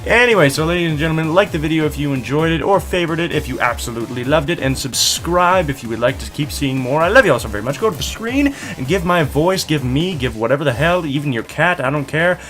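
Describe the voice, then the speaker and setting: A man's voice: fairly high pitch, expressive, fast, few pauses, fairly bright tone. Goofy young male gaming host, rambling recap, swings from mutters to squeals, faint music underneath. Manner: goofy, rambling, jumps between whispers and squeals. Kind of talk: casual video game recap.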